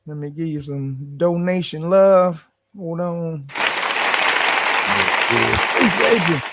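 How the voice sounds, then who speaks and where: A man's voice: a little high, steady tone, slow, darkish tone, a faint crowd, slight background noise. A man hosting a casual livestream with a strained voice, chatting in loose, profane banter and laughing often. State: strained voice from screaming. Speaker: livestream host.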